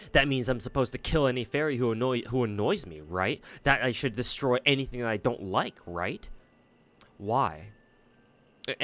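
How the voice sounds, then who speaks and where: A man's voice: mid-range voice, a bit bright, close to an everyday voice. Man doing an anxious spoiled fairy princess. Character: spoiled cruel young fairy princess, insecure.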